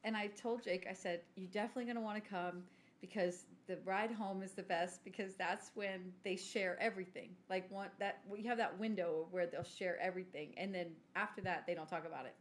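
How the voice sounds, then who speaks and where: A woman, telling a story in casual podcast chat, self-mocking and clearing her throat now and then. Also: mid-range voice, steady tone, a little fast. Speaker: podcast co-host.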